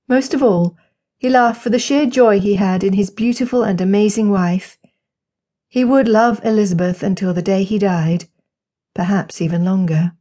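A woman reading an audiobook as narrator, with measured, gentle storytelling. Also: mid-range voice. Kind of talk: scripted narration.

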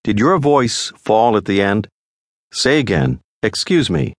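A man narrating a scripted language lesson in a measured, patient teaching manner. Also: fairly low pitch, lively intonation, no echo, clean studio sound. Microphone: close studio mic.

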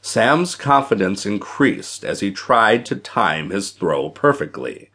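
Guy narrating an audiobook, low voice, lots of ups and downs. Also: sing-song, takes it slowly, sharp tone, husky. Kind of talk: scripted narration.

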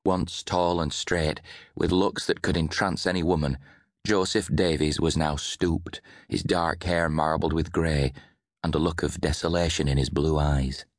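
A man narrating an audiobook in a measured storytelling manner, close to a studio mic. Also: rumbling low, flat delivery, no echo. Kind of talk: scripted narration.

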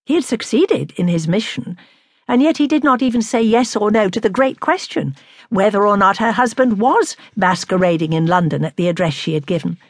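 An audiobook narrator reads a classic novel from a script in an expressive, husky female voice at medium pitch. Her pace is a little quick, and the studio recording is clean with no echo.

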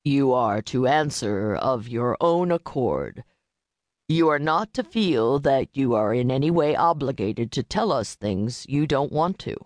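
A woman voicing a male prosecutor with a parched voice who speaks slowly and clearly, sounding vaguely uncertain. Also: very deep voice, sing-song, a little mellow, no room sound, voice pushed down, heavily acted. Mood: careful. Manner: slow, clear, faintly uncertain. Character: male prosecutor, vaguely confused, slow and careful.

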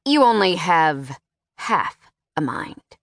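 A woman's voice: lowish voice, animated, slow, no echo, studio quality. Woman voicing a sneering nobleman. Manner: sneering, impatient. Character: tall sneering man, emperor's brother.

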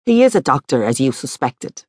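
A polite, businesslike middle-aged male investigator speaks matter-of-factly, voiced by a woman narrator. His voice sits lower than hers, and the recording is dry and close. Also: very animated, moderate pace, husky, no room sound, exaggerated voice.

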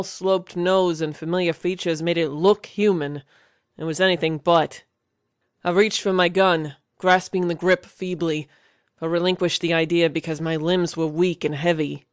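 A man's voice: high-pitched, clear, resonant tone, no room sound, clean studio sound. A man reading a first-person fantasy audiobook in a tense, vivid storytelling manner. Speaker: audiobook narrator.

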